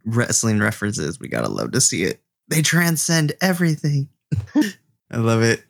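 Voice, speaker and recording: Man game master for a tabletop game, lively swooping delivery, laughs easily. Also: mid-range voice, moderate pace, vocal fry. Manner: laughs often, animated.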